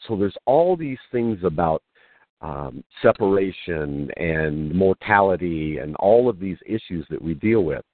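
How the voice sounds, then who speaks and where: A man's voice: sits low, slow pace, no room sound. A man, a guest teacher, explaining spiritual ideas in conversation and telling stories with acted-out quotes. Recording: dry phone-like line.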